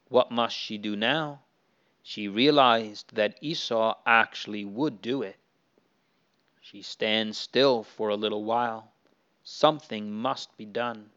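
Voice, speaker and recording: Earnest guy telling kids a bible story, slow and smooth, muffled old tape. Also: mid-range voice, a bit bright. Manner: earnest, addressing the characters directly. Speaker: storyteller for children. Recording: dull lo-fi recording.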